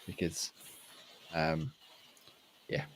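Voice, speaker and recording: A man co-hosting a gaming podcast, talking in a relaxed, rambling way with casual swearing. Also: extremely slow, crowd noise. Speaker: podcast co-host.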